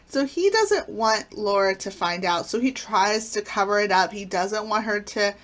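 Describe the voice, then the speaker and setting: A woman's voice: mid-range voice, expressive, moderate pace, fairly bright tone. A woman casually reviewing favorite sitcom episodes, retelling plots with enthusiasm and frequent fillers. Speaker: channel host.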